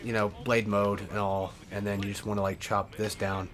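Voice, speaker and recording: A man's voice: on the low side, little pitch movement, normal speed, a bit bright. A man giving rambling, casual gameplay commentary as a let's player, swearing often and correcting himself as he goes. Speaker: let's play gamer.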